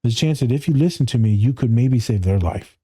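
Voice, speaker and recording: A thirtysomething therapist on a podcast talks casually, bluntly and profanely, laughing often and doing voices when he quotes people. His medium-pitched voice is husky and dark, animated and fairly quick.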